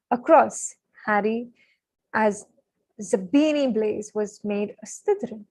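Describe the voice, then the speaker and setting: A young woman reads a novel to her stream audience. She is chatty and excitable and keeps breaking off with asides and apologies. Her voice is mid-pitched and the sound is close and dry. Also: a little slow, no room sound, low-quality recording. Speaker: live-stream book reader. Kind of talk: reading a novel aloud on a live stream.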